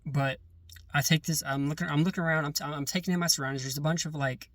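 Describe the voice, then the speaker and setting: A man casually telling a long story about a dream, halting and repeating words as he gets caught up in it. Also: fairly high pitch, no room sound. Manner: halting, repeats words and restarts when excited. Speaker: vlogger recounting dreams.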